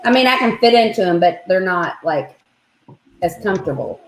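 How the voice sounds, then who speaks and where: A woman's voice: on the low side, expressive, normal speed, echoey room, a little hiss or hum, poor audio. A woman chatting casually on a live stream, wry and easygoing. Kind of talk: casual chat.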